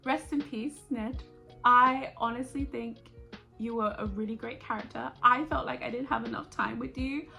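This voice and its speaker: A woman vlogger chatting casually and excitably about a TV series, rambling and jumping between thoughts. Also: fairly high pitch, normal speed, gravelly, soft background music. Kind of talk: casual reaction chat.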